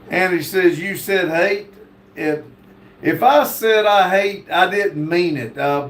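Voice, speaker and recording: Slow, high-voiced host. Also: male voice. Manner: reads viewer comments aloud, halting with many fillers. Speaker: livestream host. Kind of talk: live stream chat reading. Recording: echoey room.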